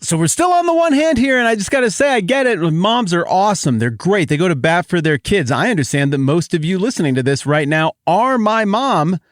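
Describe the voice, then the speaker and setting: A man hosting a Bible podcast, teaching in a joking, animated way that swings from excited to quiet. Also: high-pitched, a little fast, hardly any pauses, dry recording, clean studio sound.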